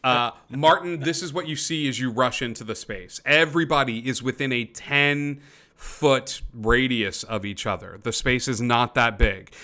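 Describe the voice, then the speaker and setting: Bright-voiced man running a tabletop game. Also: mid-range voice, measured pace. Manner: descriptive, with many fillers and restarts. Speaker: game master. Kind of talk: narrating a tabletop game over a call.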